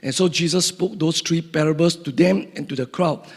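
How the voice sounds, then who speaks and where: Husky-voiced male pastor in a reverberant church. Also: a little high. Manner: measured, deliberate reading with frequent fillers. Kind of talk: sermon with scripture reading. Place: church sanctuary. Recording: long church hall reverb.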